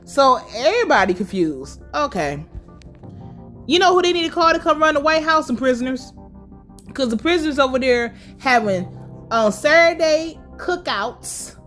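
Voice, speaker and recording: A woman with a fairly high, wildly swinging voice recaps a TV episode in a blunt, profane, casual way. Faint music plays underneath her. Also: lively intonation, moderate pace, fairly bright tone. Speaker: TV recap vlogger.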